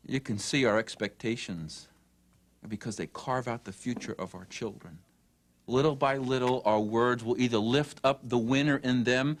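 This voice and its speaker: A narrator giving a dramatic teaching talk, swinging between loud mock scolding and soft near-whispers. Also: mid-range voice.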